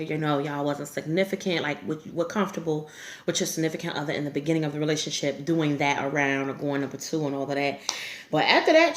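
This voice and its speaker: Woman telling a story to her viewers, swoops up and down a lot, blunt and cussing, echoey room. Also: fairly low pitch. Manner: frank, profane, laughs often while telling. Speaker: YouTube storyteller. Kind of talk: casual storytelling to camera.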